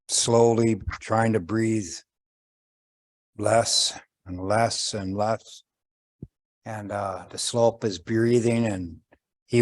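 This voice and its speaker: Older male storyteller, unhurried, gentle, pauses and fillers, folk tale delivery. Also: lowish voice. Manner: slow, gentle, pausing with fillers, voices characters. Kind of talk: traditional oral storytelling.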